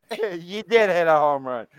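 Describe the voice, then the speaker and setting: A man hosting a casual live stream, excitable and laughing often as he reads out odd news. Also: high voice, slow pace, clear, resonant tone, dry recording. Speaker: streamer host.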